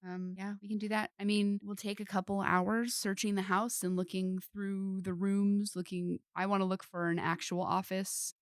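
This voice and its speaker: A woman's voice: medium pitch, level tone, moderate pace, few pauses, smooth, no echo, clean studio sound. A woman playing a tabletop game, chatting casually and joking. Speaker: player. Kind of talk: casual play chat.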